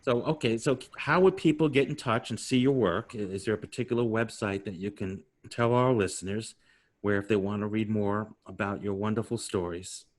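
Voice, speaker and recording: On the low side and at a normal speed, the voice belongs to a sixty-something New Yorker hosting a podcast. He keeps the interview chat loose and meandering, laughing often.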